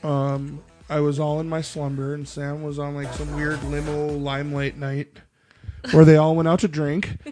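A man's voice: a little high, completely flat delivery, moderate pace, music in the background. A man hosting a podcast, chatting casually and teasing his guest, joking and swearing freely. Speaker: podcast host. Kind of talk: casual profane banter.

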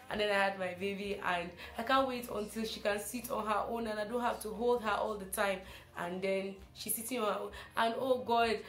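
Chatty young woman host, echoey room. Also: medium pitch. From Africa. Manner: chatty, animated, repeats phrases for emphasis. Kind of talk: casual spoken reflection.

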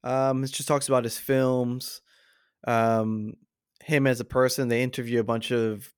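A man's voice: medium pitch, level tone, unhurried, clear, resonant tone, dry recording, studio quality. A man co-hosting a podcast, chatting casually about movies with plenty of fillers and restarts. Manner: acts out movie quotes in shifting voices, rambling with fillers. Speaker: podcast co-host.

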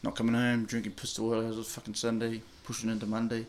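A man's voice: completely flat delivery, fast, a little hiss or hum. A young man with a New Zealand accent telling a candid personal story in a blunt, slangy, heavily swearing way. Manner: blunt, heavy swearing, slangy, low-key. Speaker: interviewee.

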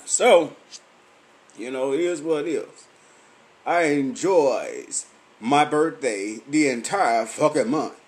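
Long pauses break up the slow speech of a man who's tipsy while running a late-night live chat from home. He's a podcast and Facebook live host who curses liberally and rambles in a boisterous, unbuttoned way, swinging between quiet mutters and loud bursts.

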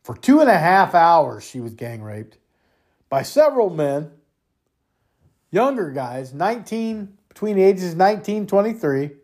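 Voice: medium pitch, sing-song, a little slow, a little mellow. A podcast host from the United States delivering a heated political rant, angry and profane, often repeating and restarting words as they get worked up.

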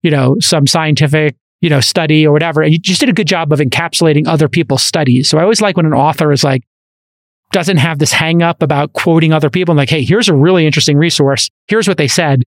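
A man hosts a podcast in loose conversation and tells his stories with energy, full of asides and restarts. His voice sits fairly high for a man. The studio sound is close and dry, with no room around it. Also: dry recording. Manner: animated storyteller, quick asides and restarts. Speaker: podcast host. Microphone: studio microphone.

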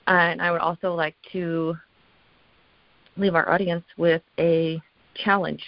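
Earnest gravelly-voiced woman co-host. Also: on the low side, flat delivery, no echo, lo-fi sound. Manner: earnest, measured, encouraging. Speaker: podcast co-host. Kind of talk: closing statement.

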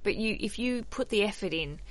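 A woman's voice: medium pitch, lively intonation, fairly quick, dry recording. A woman hosting a podcast, chatting candidly and swearing casually. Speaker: podcast host.

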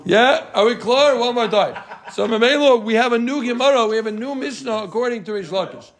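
High-voiced man teaching a Talmud class. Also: fast. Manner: explains with Yiddish-inflected Yeshivish terms, quizzes students.

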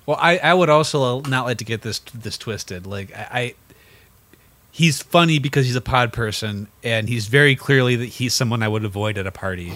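A man's voice: mid-range voice, lively intonation, moderate pace, fairly bright tone. A young man co-hosting a casual sports podcast, rambling and restarting his sentences, swearing freely. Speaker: podcast co-host.

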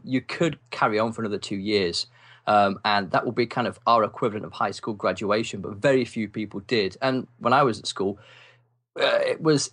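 An English man, a writer and podcast guest, telling wry stories from his youth in a relaxed interview, with lots of ums. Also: on the low side. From England. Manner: animated, wry storyteller with many ums and laughs. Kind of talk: casual storytelling interview.

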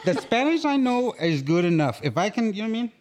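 A man's voice: high voice, sing-song, quick pace, noisy background. A man guesting on a podcast, telling stories with lots of laughter, cursing and mixing in bits of Spanish. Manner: laughing, profane, mixes in Spanish phrases. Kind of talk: casual chat, storytelling.

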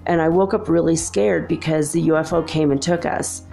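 Low gravelly woman telling a story. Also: steady tone, moderate pace, warm tone, soft background music. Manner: rambling, earnest, many asides. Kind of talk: personal storytelling.

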